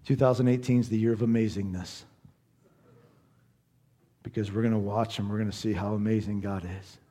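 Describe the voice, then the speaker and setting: A man's voice: fairly low pitch, steady tone, brisk, dark tone, husky. A man from Southern Indiana preaching a sermon as pastor, conversational, earnest and encouraging.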